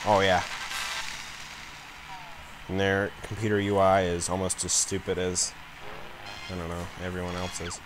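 An excitable man gives a let's-play commentary with a lowish voice. He keeps complaining and yelling at the game as he plays. Loud game music plays behind him. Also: a little slow, long pauses, low-quality recording.

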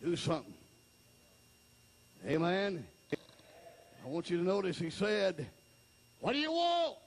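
Man, evangelist, fiery revival sermon, very high voice, gravelly, shouting bursts. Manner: shouting, jumps between loud and hushed delivery.

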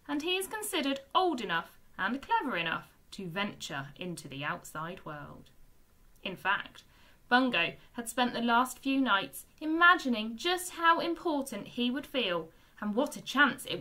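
Expressive woman reading a storybook aloud. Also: fairly high pitch, a little slow. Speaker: primary school teacher. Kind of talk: reading a children's book aloud.

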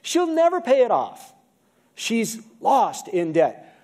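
An American man delivers a sermon in a church, his pitch sitting high and swinging widely between phrases. He keeps the congregation involved, asking questions as he explains each point. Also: slow pace. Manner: animated preaching, asks the congregation questions. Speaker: pastor. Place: church sanctuary. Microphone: video-recorded pulpit mic.

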